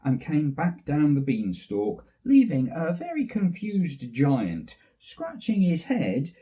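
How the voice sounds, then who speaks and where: English guy telling a kids story, slow, bouncy pitch, slightly distant. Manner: lively, expressive, unhurried. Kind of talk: children's story reading.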